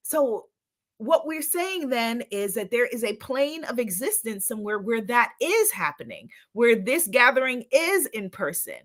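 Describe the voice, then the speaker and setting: A woman giving an uplifting spiritual talk to a live online audience. Her voice is high and very animated, leaping up and down in pitch. She talks with enthusiasm, breaks into laughter and repeats affirmations for emphasis. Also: a little slow. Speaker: spiritual host. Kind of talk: inspirational live-stream talk.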